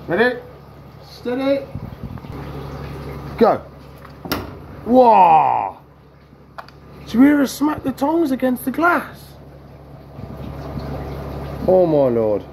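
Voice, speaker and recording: A man's voice: very high-pitched, wildly swooping pitch, slow pace, long pauses, slight background noise. Chatty man coaxing his reptiles. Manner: chatty, talks to the animals in a coaxing sing-song. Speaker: reptile keeper and channel host. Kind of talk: casual animal-feeding vlog. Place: indoors among reptile tanks.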